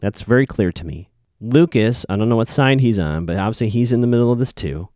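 Casual male recapper, lowish voice, dry close sound, muses and self-corrects. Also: brisk, darkish tone, no room sound. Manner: thinking aloud, self-correcting, musing. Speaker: TV episode recapper.

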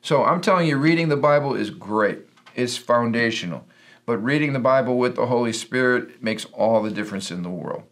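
A man's voice: medium pitch, animated, fairly quick. A middle-aged man, a pastor and podcast co-host, talking in an earnest, preachy storytelling way. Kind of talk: casual Christian podcast talk.

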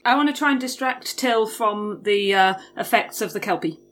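A woman's voice: medium pitch, normal speed, fairly bright tone. A woman playing in a tabletop game, tentative and checking the rules aloud. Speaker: player.

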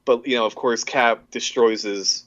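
A man's voice: medium pitch, fairly even intonation, normal speed, a bit bright. A young man co-hosting a casual podcast, enthusiastic and rambling as he retells favorite scenes. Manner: enthusiastic, rambling with fillers and restarts. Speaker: podcast co-host. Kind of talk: casual chat. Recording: slightly dull lo-fi mic.

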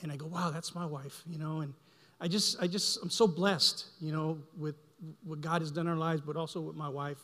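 A man's voice: fairly high pitch, steady tone, fairly bright tone. Emotional man testifying in a reverberant church. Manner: halting, repeats words, emotional. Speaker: church minister giving a testimony. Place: church sanctuary. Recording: long hall reverb.

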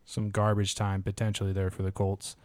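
A man co-hosting a fantasy football podcast, going over matchups and injury news in a steady, measured way. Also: fairly low pitch, no room sound. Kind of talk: casual podcast chat.

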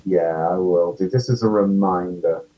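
A man's voice: deep voice, moderate pace, mellow, rough recording. A man, an actor guest, chatting casually in an interview, self-deprecating and full of ums.

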